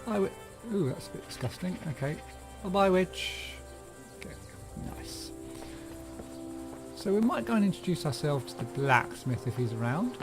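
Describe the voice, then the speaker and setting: A man hosting a gameplay video, chatting in a relaxed way with frequent fillers. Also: fairly high pitch, moderate pace, pauses often, music in the background. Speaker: gaming video host. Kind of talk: casual gameplay commentary.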